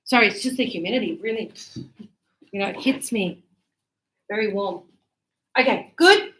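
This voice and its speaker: A woman's voice: medium pitch, moderate pace, a bit bright. A woman teaching an English grammar lesson to a class, explaining patiently with examples and encouraging her students. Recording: echoey classroom sound.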